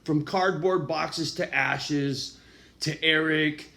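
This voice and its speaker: A fairly high-voiced man venting straight to camera in a confessional monologue. He swears constantly and sounds raw and emotional. He drops low and quiet, then flares up loud and angry. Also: fairly even intonation, slow pace, vocal fry. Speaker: vlogger.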